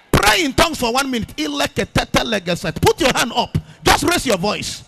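A man preaching a sermon, swinging from low spoken phrases to shouted, chanted lines and prayer in tongues. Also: big pitch swings, normal speed, vocal fry, few pauses, heavy background noise. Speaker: pastor. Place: church meeting at a camp.

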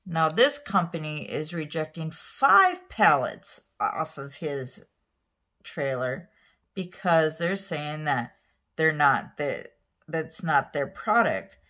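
Doing her nails on camera, a female nail art vlogger chats loosely, wandering through an anecdote packed with fillers and sometimes sinking to a hushed near-whisper. She has a deep, sing-song voice and speaks at a slow pace.

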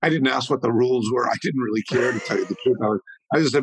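A man in his sixties, a martial arts historian telling stories as an interview guest in an animated, rambling way. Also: mid-range voice, very fast, breathy edge, no room sound, low-quality recording. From Canada. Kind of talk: conversational storytelling.

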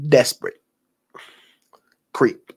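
A young man giving mocking, preachy commentary while reacting to text messages. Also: drawn-out words. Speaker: commentary host.

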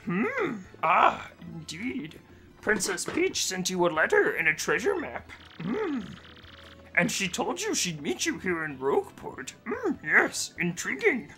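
A man voicing a fussy old male toad steward with a put-on British accent, speaking slowly and humming between lines. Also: high voice, huge pitch swings, pushed and bright, soft background music, voice pushed up, exaggerated voice. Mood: musing. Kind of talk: casual game voice-over.

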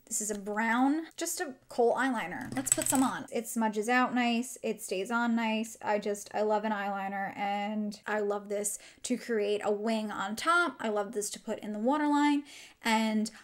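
A woman's voice: medium pitch, a little slow. A woman beauty vlogger chatting enthusiastically through a product review while she demonstrates makeup.

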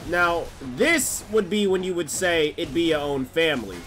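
A young man streams a game live, cursing and trash-talking in casual commentary. His bright voice swings widely in pitch, while faint game music plays in the background. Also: moderate pace. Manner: profane, excitable, trash-talking.

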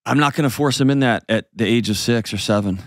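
A man's voice: medium pitch, quick pace, no echo, studio quality. A man hosting an advice show, explaining parenting earnestly and acting out little scenes in changed voices.

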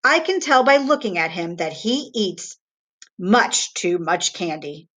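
Woman voicing a measured, reproving old storybook doctor. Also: on the low side, big pitch swings, fairly bright tone, heavily acted. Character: tall, thin, bald old male doctor, reproving.

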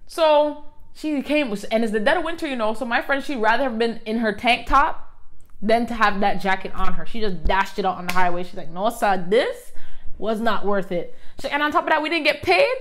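A young woman, a hairstylist telling a slangy, animated storytime in her vlog. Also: fairly high pitch, moderate pace. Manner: animated, slangy, acts out the other people's lines. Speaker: hairstylist vlogger.

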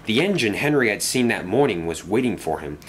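A man narrating a storybook in a lively, measured reading. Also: on the low side, a little hiss or hum.

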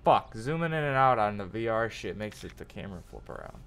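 A young man doing live gameplay commentary, cursing constantly and ranting at the game. His voice is bright and forward, and it rises sharply when he gets irritated. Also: fairly low pitch, expressive, a little fast, clear, resonant tone. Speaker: streamer. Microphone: desk mic with facecam.

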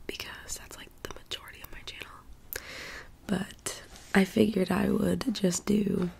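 A young woman who is sick with the flu, talking in a soft-spoken, half-whispered ASMR ramble full of fillers. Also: fairly low pitch, creaky, slightly rough. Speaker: ASMR channel host.

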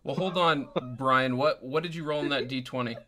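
A man narrates a tabletop game as its dungeon master, his voice bright and forward. He keeps things easygoing and chatty, often breaking into a laugh. His pitch sits in an ordinary middle range. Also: normal speed.

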